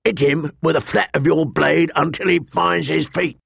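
A man's voice: fairly high pitch, steady tone, normal speed, gravelly, fairly bright tone, breathy edge, dry recording, clean studio sound, voice pushed up, heavily acted. A man playing a cold, sneering master-at-arms. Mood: mocking. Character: sharp cold cruel male master-at-arms, mocking.

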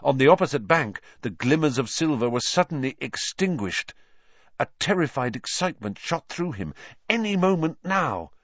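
A man reading a fantasy novel aloud as an audiobook narrator, expressive and given to dramatic pauses. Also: mid-range voice, dry recording, dull audio.

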